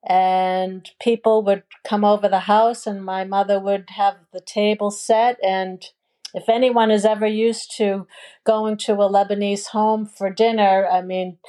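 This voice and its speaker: A woman in her sixties, a guest in an interview, telling stories in a relaxed way with frequent ums. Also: medium pitch. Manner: warm storytelling with many ums and you knows. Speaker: guest, food business owner. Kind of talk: casual interview chat.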